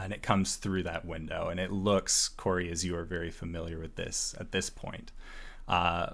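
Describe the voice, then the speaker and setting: A man narrating a tabletop game as game master, measured and pausing often with "uh". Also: low-pitched, a bit bright. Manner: slow, measured, with frequent "uh" pauses.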